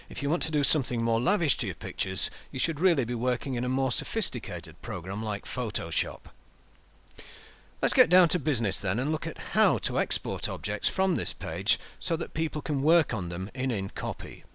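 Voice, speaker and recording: Lively-voiced man explaining software. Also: medium pitch. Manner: measured, explanatory, steps through menus aloud. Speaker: software tutorial narrator. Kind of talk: screen-recorded software tutorial.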